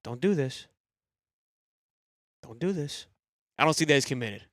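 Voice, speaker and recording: A young man hosting a live fan sports show, excitable and rambling, swearing freely and swinging from loud hype to low grumbling. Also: a little slow, no echo, studio quality. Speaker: sports podcast host.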